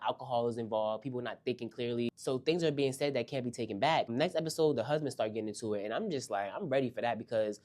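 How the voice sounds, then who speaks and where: A young woman casually recapping a reality TV episode, sassy and animated, swooping up high for emphasis.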